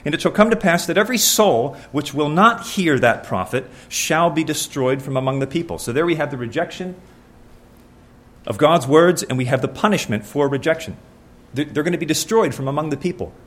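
A man's voice: on the high side, lively intonation, a little fast. A man preaching a sermon, reading scripture aloud and asking his listeners questions in an earnest, conversational way.

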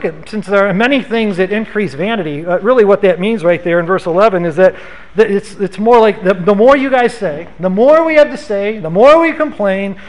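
A man's voice: sits high, low-quality recording. A man preaching a sermon as pastor, in an earnest, conversational way with rhetorical questions.

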